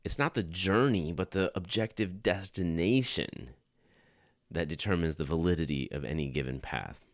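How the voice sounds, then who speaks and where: A man's voice: low voice, normal speed, no room sound, studio quality. A middle-aged man hosting a Christian podcast, talking in an earnest, conversational way with frequent restarts. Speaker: podcast host. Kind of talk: Christian apologetics podcast talk.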